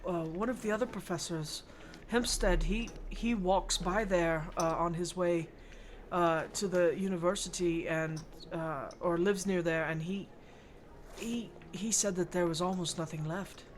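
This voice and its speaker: A woman runs a tabletop horror game over a live stream. She talks in a relaxed, chatty way and moves straight into the characters' voices. A faint noise sits under her voice. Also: lowish voice, unhurried. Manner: chatty, laughs often, plays the characters. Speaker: game master.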